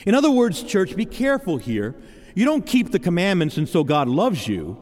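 A man's voice: high voice, sing-song, normal speed, a little mellow. Earnest preaching man, echoing church hall. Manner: earnest, personal testimony with stammered restarts. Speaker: pastor. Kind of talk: sermon. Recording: long hall reverb.

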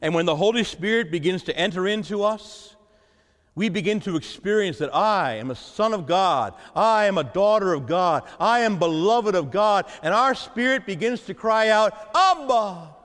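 Man preaching in a church, emphatic repeats, high and animated, echoing hall. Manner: preaching with dramatic pauses and emphatic repetition. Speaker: pastor. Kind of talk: sermon.

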